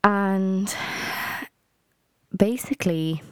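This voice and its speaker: A woman's voice: medium pitch, extremely slow, clear, resonant tone, no room sound, studio quality. A young Irish woman hosting a podcast alone, chatting casually in a blunt, rambling way, full of fillers and swearing. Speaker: podcast host. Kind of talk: casual solo podcast chat.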